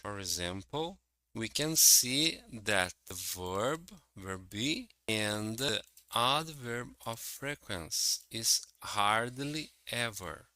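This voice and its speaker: Male English teacher, very slow and careful, bright forceful tone, walks through examples. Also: fairly low pitch, animated, dry recording, low-quality recording. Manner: slow, careful and explanatory, reading out example sentences. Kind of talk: slow, deliberate grammar lesson.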